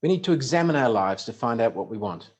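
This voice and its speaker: A man's voice: medium pitch, animated, fast, a little mellow. A man giving a motivational talk from a stage, punchy and humorous as he tells stories. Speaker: speaker.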